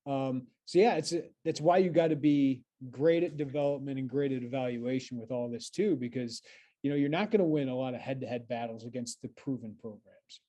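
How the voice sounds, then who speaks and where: A man's voice: medium pitch, a little fast, warm tone. A man hosting a podcast, talking conversationally and reading out listener questions. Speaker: podcast host. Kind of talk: casual podcast interview.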